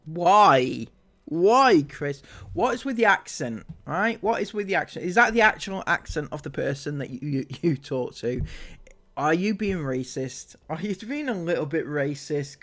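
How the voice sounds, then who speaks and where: Sarcastic guy reacting to a clip, kinda high voice, mocking questions nonstop. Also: a bit bright. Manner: mocking, incredulous rhetorical questions. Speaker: commentator.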